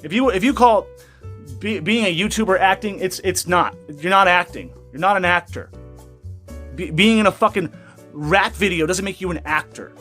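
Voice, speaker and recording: A man's voice: high-pitched, a bit bright. A young man ranting angrily through a news commentary, swearing and sarcastic as he reads out and mocks an article. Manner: profane, angry, sarcastic ranting. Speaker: commentary YouTuber.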